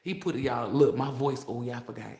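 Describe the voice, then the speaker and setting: A tarot reader on a casual livestream, a man telling stories to his viewers in an animated, profane way. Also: medium pitch, fairly quick, echoey room. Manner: animated, profane storytelling, addresses viewers as y'all.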